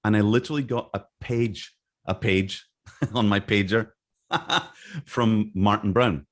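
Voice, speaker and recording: A man's voice: lowish voice, takes it slowly. A middle-aged man from England telling stories in a casual interview, rambling with restarts and acting out the dialogue he recalls. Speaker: interview guest, game artist.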